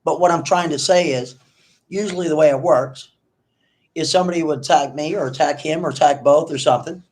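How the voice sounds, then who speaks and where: A middle-aged man ranting in a commentary vlog, animated and mocking. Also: a little high, a little fast. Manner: animated, mocking, mimics others in exaggerated voices. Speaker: online video commentator.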